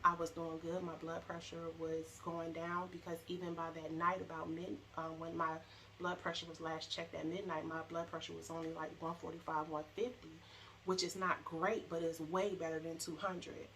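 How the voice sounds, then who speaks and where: A young woman telling her own story, halting and emotional, with many fillers and restarts. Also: deep voice, level tone, fairly bright tone, a little hiss or hum, rough recording. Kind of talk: personal storytelling to camera.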